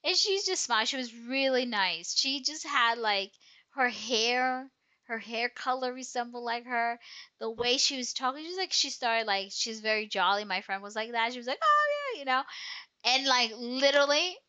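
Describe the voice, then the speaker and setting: A woman's voice: on the high side, moderate pace, sharp tone, clean tone. A young woman telling a personal story in casual chat, rambling and emotional with lots of fillers.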